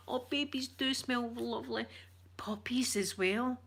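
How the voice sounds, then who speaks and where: A Scottish woman chatting with her viewers on a live stream, switching between whispers and soft talk. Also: a little high, unhurried, vocal fry, a little hiss or hum. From Scotland. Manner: uses Scottish words like wee.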